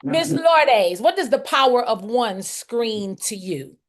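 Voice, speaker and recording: A woman's voice: fairly high pitch, slow pace. A woman leading a group coaching video call, energetically calling on people by name and repeating key phrases for emphasis. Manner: energetic, calls on participants by name, emphatic repetition.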